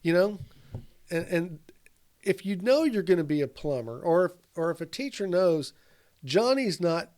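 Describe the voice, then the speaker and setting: Chatty higher-voiced man explaining. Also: sing-song, normal speed, darkish tone. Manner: talkative, explains with long examples and casual swearing. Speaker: podcast co-host. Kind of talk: casual podcast discussion.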